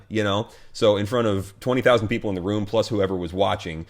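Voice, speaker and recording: A man's voice: fairly low pitch, a little fast. An American man, a pastor, talking casually to camera in a loose, wry way with plenty of fillers and restarts. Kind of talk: casual video commentary.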